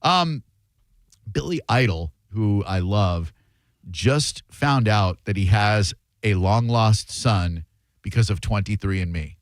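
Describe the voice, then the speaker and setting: A man's voice: fairly low pitch, animated, slow pace, dry recording. A man hosting a radio show, chatting casually with callers in a sarcastic, playfully mock-indignant way. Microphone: studio microphone.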